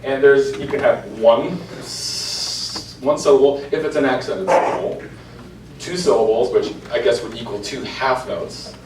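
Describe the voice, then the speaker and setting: Recorded from a distance in an echoey church meeting room with faint hiss, this man speaks at a medium pitch with fairly even intonation and a slightly slow pace. He's a cantor giving an informal lecture to an adult class, chanting example lines rhythmically.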